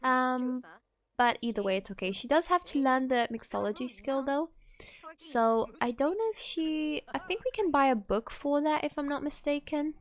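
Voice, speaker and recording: A woman's voice: high-pitched, moderate pace. Chatty woman narrating a game. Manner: chatty, rambling, many fillers. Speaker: gaming host. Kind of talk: let's play commentary.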